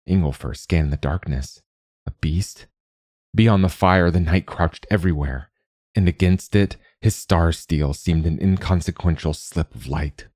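Male narrator for a fantasy storybook: low, steady, measured, dry close-mic sound. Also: no room sound.

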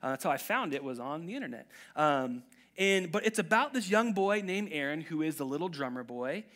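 A man preaching a casual sermon in a chatty, animated way, acting out quotes from stories. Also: fairly high pitch, fairly quick. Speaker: pastor.

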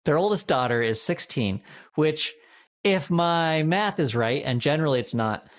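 A man's voice: on the high side, moderate pace. A man co-hosting a casual comedy podcast, telling stories and laughing often. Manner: animated storyteller, laughs often. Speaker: podcast co-host.

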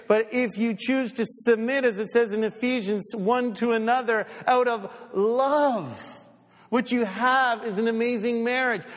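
High-voiced pastor preaching in a reverberant hall. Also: male voice. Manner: animated, acts out little voices, ends in quiet prayer. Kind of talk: sermon. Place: church sanctuary. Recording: long church reverb.

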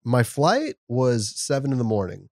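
A man's voice: mid-range voice, huge pitch swings, moderate pace, darkish tone, dry recording, clean studio sound. A man hosting a casual podcast chat, rambling through stories and laughing often.

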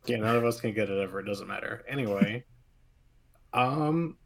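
A man's voice: lowish voice, moderate pace, gravelly. A man playing a tabletop game, talking in a dry, matter-of-fact way. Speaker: player. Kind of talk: casual tabletop game play.

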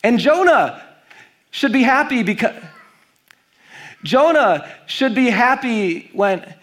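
Speaking slowly in a very high-pitched voice, a man preaches as a pastor, reading scripture aloud and emphasizing key words in an animated way.

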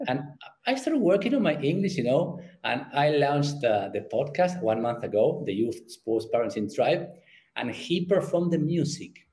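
A middle-aged man with a Spanish accent, a youth sports parenting coach who repeats words as he searches for his phrasing and grows animated when telling stories. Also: fairly high pitch, a little slow, low-quality recording. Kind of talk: conversational interview.

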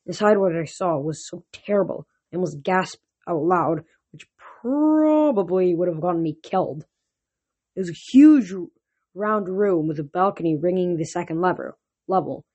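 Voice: medium pitch, normal speed, mellow. Reader doing a home audiobook, first person, trips on words and restarts. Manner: first-person narration with frequent slips and restarts. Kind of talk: audiobook reading of a novel.

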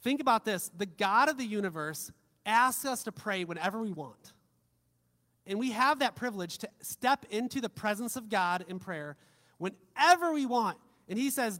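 A man preaching a sermon as a pastor, animated and casual, swinging between loud emphatic lines and quiet soft ones, with joking asides. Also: sits high, normal speed, long reverb tail.

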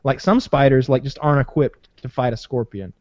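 A man talking loosely on a podcast, swearing freely and circling back on his sentences. His voice is mid-pitched and dry, and the recording is a bit muffled. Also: fairly quick, no echo. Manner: rambling, swears often, many fillers and restarts. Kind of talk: casual profane banter.

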